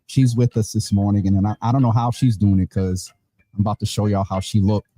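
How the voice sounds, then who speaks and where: A tired man hosting a relaxed, chatty online show from a warm room at home, laughing now and then. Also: lowish voice, brisk, no room sound. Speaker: host. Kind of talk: casual chat. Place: hot room at home with vents and fan. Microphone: phone or video call.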